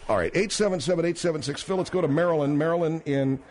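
A man's voice: on the high side, quick pace, darkish tone. A man hosting a radio talk show, badgering and sarcastic with his guest.

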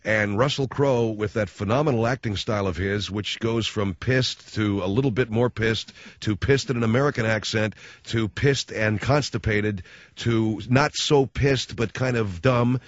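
Sarcastic man ranting on a dull, dry line. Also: no room sound. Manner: sarcastic, mocking, swings between loud outbursts and low asides. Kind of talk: comic rant.

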